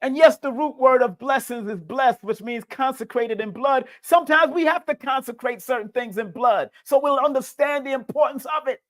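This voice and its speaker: A man's voice: extremely high pitch, moderate pace, hardly any pauses, fairly bright tone. Emotional preachy man, livestream host. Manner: preachy, emotional, addresses viewers as family. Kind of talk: spiritual livestream talk.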